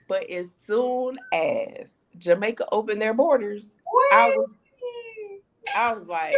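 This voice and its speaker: A woman from the United States telling a lively story in a casual chat, acting out the dialogue. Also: mid-range voice, unhurried, vocal fry, slight background noise. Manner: animated storyteller acting out quoted dialogue, laughing often. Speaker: panelist sharing her relocation story.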